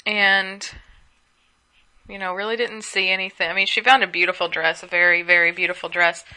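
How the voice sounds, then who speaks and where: A woman's voice: lowish voice, bright, forceful tone. A sleepy young woman chatting casually at home as a solo podcast host, gossiping and rambling with asides. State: sleepy, yawning.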